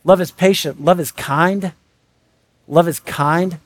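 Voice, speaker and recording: Animated high-voiced preacher. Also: male voice. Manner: animated, conversational preaching with quick asides and acted-out quotes. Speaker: pastor. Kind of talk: sermon.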